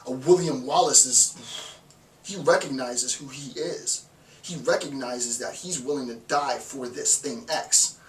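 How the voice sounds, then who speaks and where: A man's voice: mid-range voice, unhurried. Emphatic male professor in echoey room. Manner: emphatic, repetitive, animated, with laughs. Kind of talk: philosophy lecture. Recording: roomy, distant mic, faint noise.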